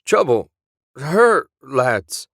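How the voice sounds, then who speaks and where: A frantic old man barks out broken, one-word pleas in a voice pitched high and loud, performed by a male narrator. It sounds dry and close, with no room around it. Each cry comes short and desperate. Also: big pitch swings, drawn-out words, gravelly, dry recording, exaggerated voice. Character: garbled old man calling for help.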